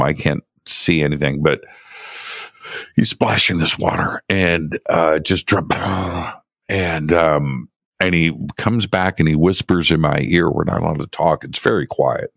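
A man telling a personal story in a casual, halting way, often repeating words and restarting. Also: a bass voice, vocal fry, dry recording, lo-fi sound. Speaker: guest telling a travel story.

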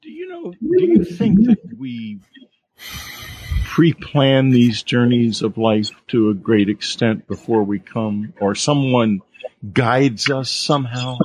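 A man's voice: mid-range voice, expressive, slow, a little mellow, husky. A man hosting an interview, asking reflective, open questions. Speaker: interview host. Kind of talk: casual interview chat.

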